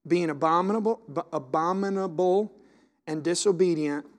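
High-voiced pastor preaching. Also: male voice, moderate pace. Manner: reads scripture aloud and asks the congregation questions; repeats words and restarts sentences. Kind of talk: preaching a sermon.

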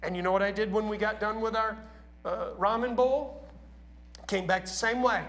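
A man's voice: high voice, steady tone, normal speed, a bit bright. A man preaching a sermon in a church, talking casually and asking his congregation questions.

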